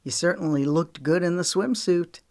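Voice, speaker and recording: A woman voicing an easygoing young man who speaks calmly and stands his ground. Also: moderate pace, close to an everyday voice. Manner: easy, calm, low-key. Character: easygoing young man, kind but firm.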